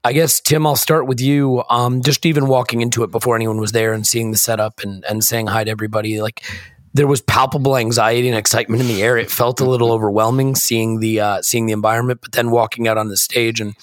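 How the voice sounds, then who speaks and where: Croaky guy hosting a podcast from a hotel room, hoarse, rambly, jokes at himself, dry sound. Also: medium pitch, little pitch movement, quick pace, dry recording. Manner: self-deprecating, rambling. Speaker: podcast host. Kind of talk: casual chat.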